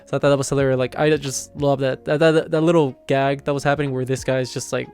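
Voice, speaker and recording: A man's voice: medium pitch, flat delivery, quick pace, darkish tone, smooth, faint music behind. A man casually recapping a manga chapter, rambling with lots of filler words and amused laughs. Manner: rambling, heavy on "like" and "you know" fillers; amused, laughs while retelling.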